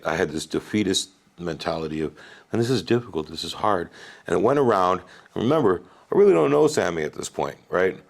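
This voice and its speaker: A man in his forties from Wisconsin, a podcast guest telling his life story in a casual, animated and profane way, often asking "right?". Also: fairly low pitch, vocal fry.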